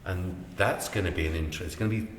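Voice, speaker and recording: A man's voice: deep voice, quick pace. A man hosting a podcast, talking in a rambling, enthusiastic way with plenty of restarts. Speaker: podcast host. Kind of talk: casual chat. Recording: echoey room with faint noise.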